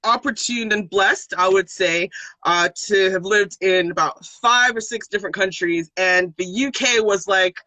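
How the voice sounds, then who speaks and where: A woman's voice: medium pitch, unhurried, no room sound, poor audio. A young woman with a New York accent, chatting casually as an interview guest and telling stories with frequent laughter. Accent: American, New York. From born in New York, raised partly in Trinidad and Tobago. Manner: laughs often, animated storytelling. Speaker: interview guest, singer and rapper.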